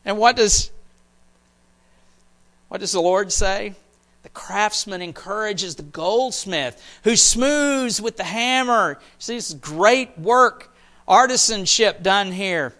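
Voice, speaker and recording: A man preaching a sermon in a high, bright voice. He speaks slowly and with animation, repeats key phrases, and at times drops almost to a whisper for emphasis. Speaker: pastor.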